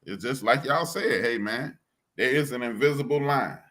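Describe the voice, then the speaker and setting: A man with a Chicago accent, a podcast co-host telling a story in a slangy, blunt, animated way. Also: mid-range voice, normal speed. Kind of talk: casual chat, storytelling.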